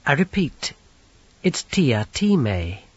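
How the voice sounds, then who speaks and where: A coldly polite young man, voiced by a male reader, speaks with precise, mocking courtesy that carries a quiet menace. His tone is slightly husky. The recording is dry and dull, with a lo-fi sound. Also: mid-range voice, sing-song, slow pace, dry recording, voice pushed up, exaggerated voice. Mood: silky menace.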